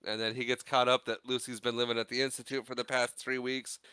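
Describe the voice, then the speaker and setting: Podcast co-host, male, bright crisp voice, dry close mic, chatty movie recap with quick put-on voices for characters. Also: medium pitch, level tone, no room sound. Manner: acts out characters' lines in exaggerated voices while recapping. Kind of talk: casual movie recap chat.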